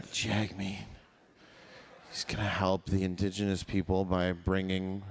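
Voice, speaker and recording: A man's voice: low voice, background noise. A man doing crude stand-up comedy on stage, mocking and laughing at his own jokes.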